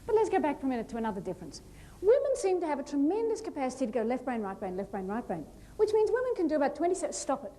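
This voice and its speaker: A woman giving a humorous keynote talk on stage, animated and playful, acting out little scenes. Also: high-pitched, very fast. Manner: lively, animated, playful storytelling with acted-out asides. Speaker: motivational speaker. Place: large hall before a live audience.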